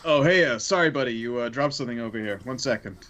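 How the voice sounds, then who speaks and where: A man voicing his own investigator character, a fast-talking liar with friendly, breezy con-man patter. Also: mid-range voice, fairly bright tone, highs cut off, close to an everyday voice. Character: smooth-talking lying male investigator.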